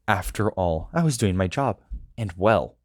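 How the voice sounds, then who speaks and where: Deep-voiced man reading a story. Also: lively intonation, unhurried, a little mellow, no echo, clean studio sound. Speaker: audiobook reader. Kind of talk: first-person story narration.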